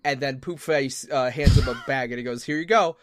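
A man's voice: mid-range voice, fairly even intonation, moderate pace, no room sound, studio quality. A young man co-hosting a podcast, telling stories in rowdy, laughing, swearing casual chat. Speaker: podcast co-host.

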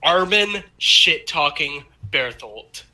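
Male co-host, high and very bright voice, excitable and profane in casual chat. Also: takes it slowly.

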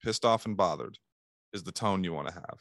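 A man's voice: deep voice, a little fast, dry recording, studio quality. A man giving casual sales coaching, talking animatedly and acting out phone calls in bursts. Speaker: sales trainer.

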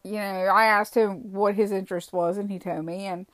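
A British woman telling a personal story in a chatty, animated vlog, acting out the dialogue as she goes. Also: mid-range voice, normal speed, dry recording.

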